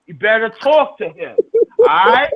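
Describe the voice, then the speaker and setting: A man's voice: extremely high pitch, huge pitch swings, unhurried, vocal fry, breathy edge. A middle-aged man telling a rowdy, profane story in casual chat, full of restarts. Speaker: storyteller in a hangout. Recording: tinny, phone-like lo-fi sound.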